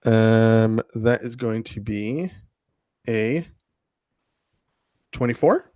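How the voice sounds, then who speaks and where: A man's voice: lowish voice, very slow, darkish tone, dry recording, lo-fi sound. A man playing a tabletop game, hesitant with fillers while stating his rolls. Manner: hesitant, many fillers when reading rolls. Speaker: player. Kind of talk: casual tabletop play.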